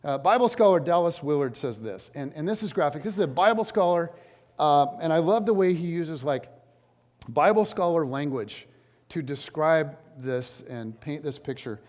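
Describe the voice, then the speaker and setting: A high-pitched man preaching from the stage of a large church, his voice lively and swooping as he slips into casual, joking asides. The long reverb of the sanctuary trails after each phrase. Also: normal speed. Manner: animated, conversational, jokey asides. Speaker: pastor. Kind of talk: sermon.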